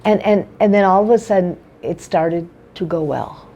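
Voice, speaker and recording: A woman's voice: lowish voice, moderate pace, mellow, lo-fi sound. A woman guest recounting her experience as a patient, telling it in a tumbling, repetitive way with frequent restarts. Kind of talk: emotional personal account.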